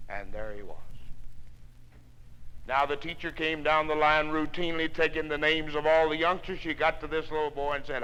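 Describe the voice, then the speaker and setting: A man giving a folksy motivational speech to salespeople, telling homespun stories and swinging from hushed tones to loud ones, on a 1960s spoken-word record. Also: mid-range voice, big-room sound, poor audio.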